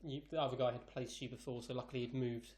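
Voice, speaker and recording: A man running a tabletop game as its narrator, describing scenes in a wry, relaxed way. His pitch sits in the middle for a man. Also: fast. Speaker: game master.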